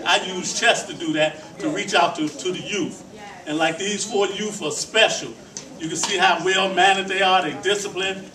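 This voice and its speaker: A man leading a chess program, giving an earnest, preacherly speech at a community meeting in a hall. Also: high-pitched. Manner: earnest, preacherly, rising to fervor. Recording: echoey hall, distant mic, crowd.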